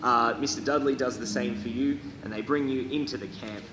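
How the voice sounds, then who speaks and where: A man's voice: mid-range voice, fairly even intonation, brisk. Guy game-mastering live in a hall, lots of ums, echoey, noise behind. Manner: rambling, self-correcting, many fillers. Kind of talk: narrating a live tabletop game.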